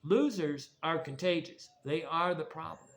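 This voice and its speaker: A man with a slightly high, fairly bright voice speaks a little slowly in a casual vlog monologue. He's blunt, rambling and preachy on the subject of recovery and trauma, with faint background noise in the recording.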